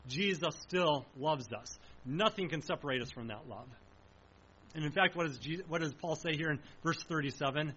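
A man preaching a sermon in an earnest, emphatic way, slowing down to stress key phrases. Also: fairly high pitch, fairly bright tone, muffled recording, a little hiss or hum.

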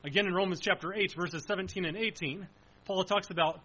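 A man preaches a sermon with a high, bright voice. His delivery is earnest and emphatic, and he slows right down to stress the key lines. The recording sounds dull and lo-fi.

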